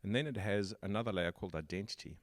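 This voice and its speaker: A man hosting a relaxed tech podcast, talking in a low register. He explains his ideas step by step in a conversational way. The sound is dry and close. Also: fast talker, no room sound. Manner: explanatory, builds points step by step. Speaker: podcast host. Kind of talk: casual tech interview chat.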